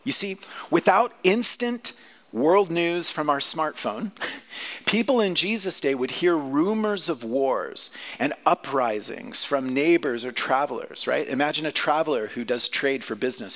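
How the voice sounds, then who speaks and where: A man's voice: on the high side, animated, a little slow, fairly bright tone. A man preaching a sermon, teaching through a scripture passage in a conversational way and often asking the listeners questions. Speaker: pastor.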